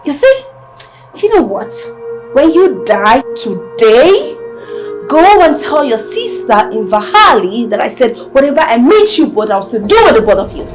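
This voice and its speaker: A Nigerian woman playing a cruel, scheming young wife who taunts her victims in a drawn-out, mocking way. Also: fairly high pitch, big pitch swings, faint music behind. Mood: gloating. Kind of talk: Nollywood film acting.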